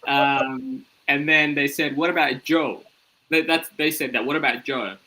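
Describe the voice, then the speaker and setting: Animated male comedian telling stories. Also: a little high, moderate pace, rough recording. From Ethiopian, born in Sudan, raised in Australia. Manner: animated, acts out voices in his anecdotes. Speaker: comedian guest. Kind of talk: casual storytelling interview.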